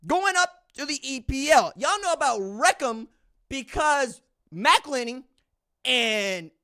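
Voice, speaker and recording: A man's voice: extremely high pitch, gravelly, sharp tone. A man hosting a sports podcast, delivering opinionated commentary as an incredulous, mocking rant. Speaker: podcast host.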